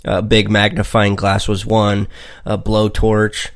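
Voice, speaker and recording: A man's voice: fairly low pitch, monotone, takes it slowly. A man hosting a radio talk show, rambling and joking with many fillers and asides. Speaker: radio host.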